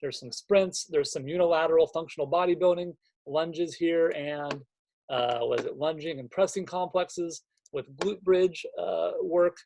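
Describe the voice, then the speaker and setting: Fired-up man coaching gym owners. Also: a little high. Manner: energetic, fired-up, conversational with frequent "right?". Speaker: fitness coach presenting programming. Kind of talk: screen-share walkthrough for gym owners.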